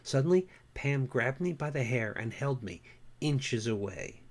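A man, an author, who chats casually in a wry, relaxed way and then reads his own story aloud. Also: mid-range voice, unhurried. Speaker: self-published author reading his story.

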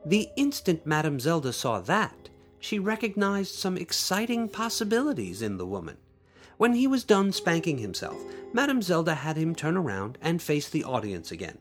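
A man hosting a podcast, reading his own short story aloud in an expressive storytelling way, with playful asides to listeners. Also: a little high, normal speed, faint music behind. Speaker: podcast host and author.

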